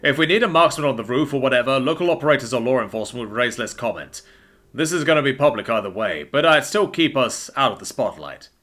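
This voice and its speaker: A man voicing a commanding army major giving brisk orders with a thickened accent. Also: mid-range voice, animated, a bit bright, lightly acted. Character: gruff stressed male army major.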